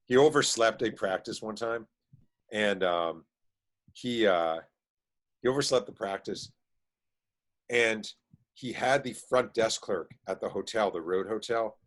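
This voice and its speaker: A man, an author and interview guest, telling stories in casual chat with quick bursts and lots of fillers. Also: lowish voice. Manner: animated storyteller, quick bursts, many fillers.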